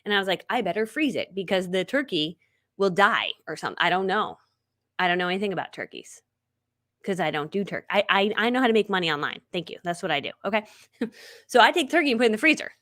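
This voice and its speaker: Here a middle-aged live-stream host talks fast in a mid-range, slightly bright voice with lively intonation. Her storytelling is casual and chatty, full of laughter and reenacted dialogue.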